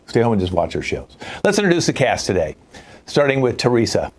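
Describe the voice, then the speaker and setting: A man's voice: mid-range voice, huge pitch swings, fairly quick, a little mellow. An older man hosting a live online improv show, joking with dry asides and rambling a little. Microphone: video call mic.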